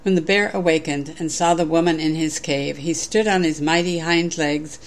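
A woman giving a sermon, reading a story aloud in a measured, clear way. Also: low-pitched, steady tone.

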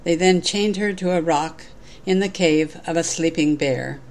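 A woman giving a sermon, reading a story aloud in a measured, clear way. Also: lowish voice, darkish tone, a little hiss or hum.

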